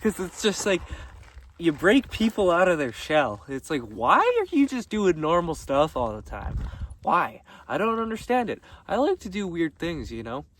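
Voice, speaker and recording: A young man telling stories casually, laughing often and swearing freely while walking outdoors on a gravel road. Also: fairly high pitch, huge pitch swings, moderate pace, fairly bright tone. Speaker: vlogger. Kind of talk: casual storytelling. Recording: distant mic with faint background noise.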